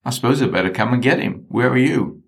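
A man doing a cool, unbothered mother, her voice lifted well above his own low register. She answers dryly and matter-of-factly, never flustered. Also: lively intonation, fast, creaky. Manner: dry, unbothered, matter-of-fact. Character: exasperated unflappable middle-aged mother.

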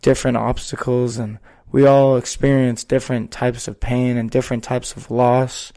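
A man hosting a podcast, talking in a slow, measured and earnest way as he tells a personal story. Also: mid-range voice, little pitch movement, dark tone. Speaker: podcast host. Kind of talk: reflective podcast conversation.

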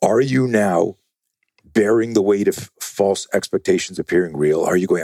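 A low, husky male voice in casual podcast talk. He swears freely and tells animated stories, jumping into the voices of the people he quotes. The sound is close and dry. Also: moderate pace, no room sound. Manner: profane, animated storyteller acting out quotes. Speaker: guest, self-defense trainer.

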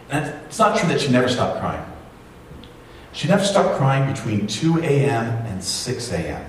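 A man in his forties giving a sermon, telling family stories with easy self-deprecating humor. His voice sits at a middle pitch and rings out in a very echoey hall. The mic is some distance away, with a faint hiss behind. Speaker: pastor.

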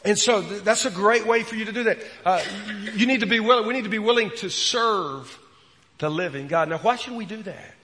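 A man preaching a sermon as a pastor, earnest, repeating words and dropping from loud to hushed. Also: high voice, fairly quick, in a large hall, a little hiss or hum.

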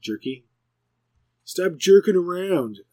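A man's voice: high voice, expressive, takes it slowly, warm tone, no room sound. A middle-aged man co-hosting a podcast in easygoing, joking casual chat. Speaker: podcast co-host.

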